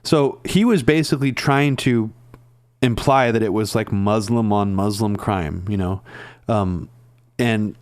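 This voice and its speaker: A man talking in a casual political discussion, earnest and halting, with many ums and restarts. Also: on the low side, no echo, studio quality.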